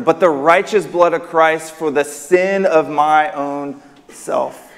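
A man's voice: on the high side, fairly even intonation, slow pace. A man preaching a sermon in a church hall, emphatic, his voice rising on key words. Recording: long reverb of a hall.

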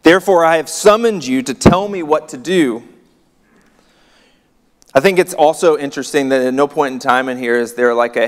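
A man's voice: medium pitch, moderate pace. Man preaching in a reverberant hall. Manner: conversational, wry asides, reads verses aloud. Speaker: pastor. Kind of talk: sermon reading and commenting on scripture.

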